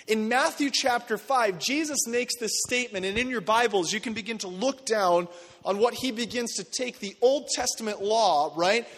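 High-voiced preaching man in an echoing church. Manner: animated, conversational preaching with acted-out quotes. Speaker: pastor. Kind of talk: sermon. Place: church sanctuary.

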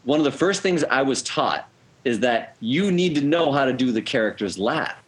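Brief: male guest co-host, mid-pitched, very lively pitch swings, animated and teasing, studio chat. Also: normal speed, low-quality recording. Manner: animated, teasing, self-described foul-mouthed. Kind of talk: casual live show chat.

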